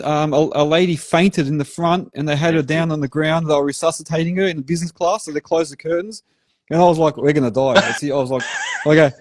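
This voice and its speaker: An Australian man with a fairly high voice tells a story in a lively, loose way, swearing as he goes. The sound is dry and close, with no room around it. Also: no echo. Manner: animated storytelling, swears casually. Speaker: podcast host. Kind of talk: casual chat.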